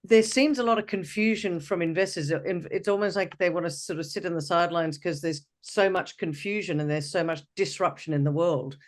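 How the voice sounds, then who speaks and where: Host guy with a higher voice asking loose chatty questions. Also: a little fast, hardly any pauses. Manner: conversational, backchanneling. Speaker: podcast host. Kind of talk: interview questions.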